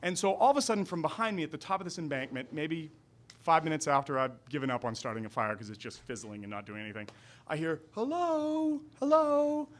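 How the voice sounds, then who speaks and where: Man, 40s, Boston accent, live storyteller, wry, self-deprecating, bright tone. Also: medium pitch, fast. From Boston area. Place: restaurant storytelling night.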